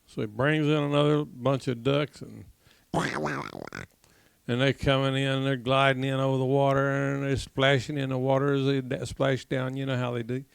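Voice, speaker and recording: A man teaching a congregation class, telling a folksy joke with laughs and loud acted-out gunshots, then leading a prayer. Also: mid-range voice, flat delivery, fairly quick, creaky, few pauses, clean tone, dry recording. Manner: jokey storyteller who laughs at his own tale, acts out shots loudly.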